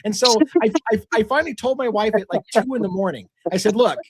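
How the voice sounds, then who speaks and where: A middle-aged man hosting a livestream, short on sleep, telling a story in animated fashion and acting out quotes. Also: sits high, fast, slightly rough, no echo. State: tired from lack of sleep. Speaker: livestream host. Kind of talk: casual livestream chat.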